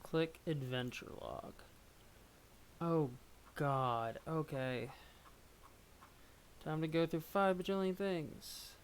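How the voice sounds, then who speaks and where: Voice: mid-range voice, slow, pauses often, slight background noise. A young adult streamer rambling at home while reading a webcomic live. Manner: rambling, self-deprecating. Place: at home, under a blanket.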